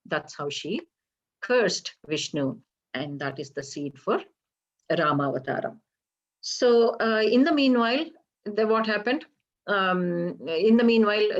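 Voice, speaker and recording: A woman retelling a Hindu legend for a temple program, halting and explanatory, often pausing to ask her listeners questions. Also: mid-range voice, animated. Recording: slightly dull lo-fi recording.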